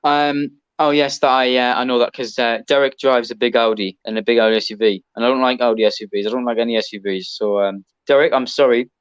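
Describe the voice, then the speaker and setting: A man's voice: medium pitch, fairly even intonation, fast talker, hardly any pauses, clear, resonant tone, no echo, muffled recording. A man with an English accent, a podcast guest, chatting casually and rambling with lots of ums and restarts. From Britain. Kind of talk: casual chat.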